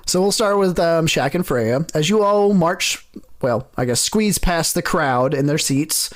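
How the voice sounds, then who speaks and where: Game master, mid-pitched voice, rambling, joking, casual tabletop narration. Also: expressive, a little slow. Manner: loose, rambling narration full of fillers and jokes.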